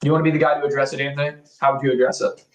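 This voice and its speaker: A man's voice: medium pitch, racing, echoey room, poor audio. A man co-hosting a political podcast, chatting casually, laughing often and telling stories. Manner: laughing, storytelling, animated. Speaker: podcast co-host.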